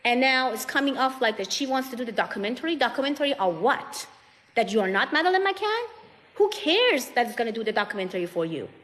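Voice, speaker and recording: A woman's voice: on the high side, animated, fairly bright tone. Emphatic woman on a live stream, echoey. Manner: emphatic, repetitive, fast-shifting emphasis. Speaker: guest answering questions. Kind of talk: emotional live-stream account. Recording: long reverb, faint noise.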